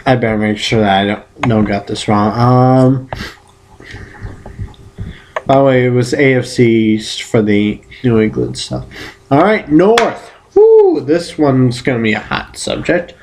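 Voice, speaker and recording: A man's voice: mid-range voice, animated, a little slow, darkish tone, a little hiss or hum. A man in a casual solo vlog giving sports predictions, rambling and correcting himself with playful exclamations. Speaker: vlogger giving football predictions.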